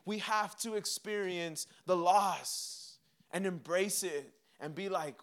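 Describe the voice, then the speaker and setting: A young man preaching a sermon, animated and humorous, acting out little dialogues with himself and God. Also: high voice, takes it slowly. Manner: mixes laughter and humor into preaching. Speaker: pastor.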